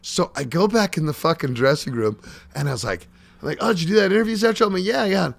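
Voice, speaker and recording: A man's voice: a little high, animated, fast, creaky. A man hosting a podcast, telling road stories in casual, profane chat. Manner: profane, swears freely. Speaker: podcast host.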